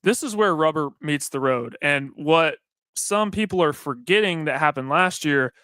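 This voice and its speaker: A man with a Southern accent co-hosting sports radio, breaking down games point by point in an earnest, analytical way. His voice sits fairly high and sounds smooth and clear. The recording is dry. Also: expressive, moderate pace, fairly bright tone, dry recording. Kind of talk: casual sports talk.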